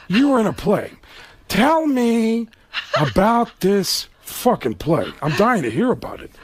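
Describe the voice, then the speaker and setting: A man voicing a weary, menacing older male movie star who talks gruffly and bursts out sarcastically. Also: high voice, big pitch swings, slow, voice pushed up, heavily acted. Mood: sardonic menace. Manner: gruff, sardonic, explosive outbursts.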